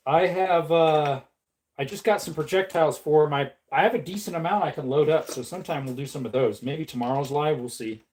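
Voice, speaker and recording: A woman's voice: sits low, brisk, darkish tone. A woman chatting casually on a livestream while reloading ammunition, playful and laughing often. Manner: playful, laughs often, slips into silly voices.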